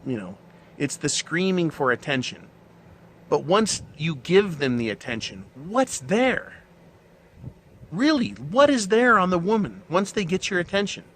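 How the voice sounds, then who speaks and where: A man's voice: high voice, big pitch swings, unhurried, a bit bright, slight background noise. Profane, ranting man. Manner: profane, blunt and mocking. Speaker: show host. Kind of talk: ranting monologue.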